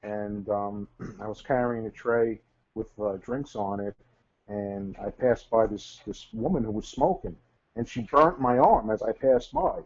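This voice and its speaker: A man's voice: on the low side, measured pace. A man co-hosting a casual live talk show, telling long anecdotes full of restarts and repeated words. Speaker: co-host. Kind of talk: casual live-stream chat. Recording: slightly dull lo-fi audio.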